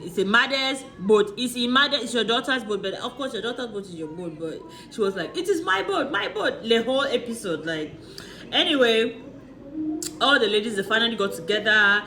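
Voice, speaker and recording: Lady vlogger spilling reality show tea, bright sharp voice, giggly and chatty. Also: mid-range voice, expressive, a little fast, slight background noise. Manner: chatty, laughs often, rhetorical questions. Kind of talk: casual gossipy recap chat.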